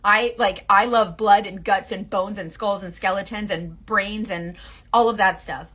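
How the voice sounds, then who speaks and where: A woman's voice: mid-range voice, fairly even intonation, a little slow, fairly bright tone, slightly rough. A woman in her forties chatting casually and rambling about leading a makeup sales team, full of "like" and asides. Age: 40s. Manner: rambling, full of "like" and self-interruptions.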